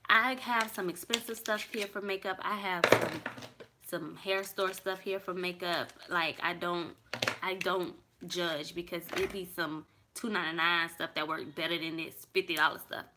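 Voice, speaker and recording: A young beauty vlogger chats through a makeup tutorial in her bedroom, calling her viewers "y'all" and thinking aloud as she works. Her voice is on the low side with fairly even intonation and normal speed, and background noise is clearly audible.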